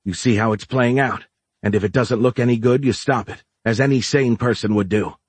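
A blunt, scornful woman from the south, as a male narrator reads her, firing back sharp, challenging retorts. The voice sits low and husky. The sound is close and dry. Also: a little fast, no room sound.

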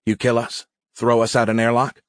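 A man's voice: mid-range voice, monotone, normal speed, no room sound, clean studio sound, close to an everyday voice. Man voicing a firm, tense female officer.

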